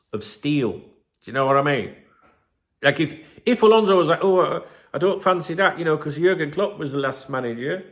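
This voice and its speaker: A man with a mid-range voice and vocal fry hosts a football fan channel, giving casual solo commentary. He rambles, swears freely and fills his talk with fillers and asides.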